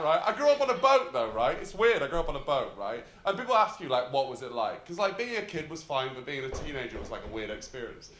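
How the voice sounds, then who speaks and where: A young man from North Yorkshire with a posh, loud voice, doing a rambling, self-mocking stand-up set in a comedy club. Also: fairly high pitch, noisy background. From North Yorkshire, England. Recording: roomy live club sound with crowd.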